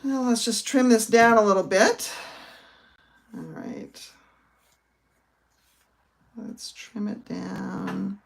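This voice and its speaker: A woman's voice: mid-range voice, very slow, creaky, pauses often, a little hiss or hum. A middle-aged woman from the northern United States, chatting casually as she explains a card-making project step by step. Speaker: papercraft instructor. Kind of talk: casual crafting demonstration.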